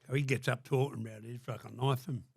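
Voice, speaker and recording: A man's voice: medium pitch, fairly even intonation, quick pace, creaky, a little mellow, slightly rough, no room sound, studio quality. An older Australian man telling blunt, profanity-laden stories in a casual interview, acting out what people said. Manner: blunt, swears constantly, acts out quotes. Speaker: guest.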